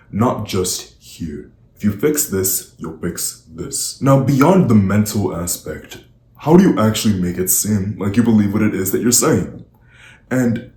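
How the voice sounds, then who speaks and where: A man with a deep, warm voice coaches the listener on speaking. He drives his points home emphatically, rushing ahead and then dropping to slow, weighty words. His voice rings in a roomy, echoing space. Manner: emphatic, varies speed and volume for weight. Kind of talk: direct-to-camera coaching talk.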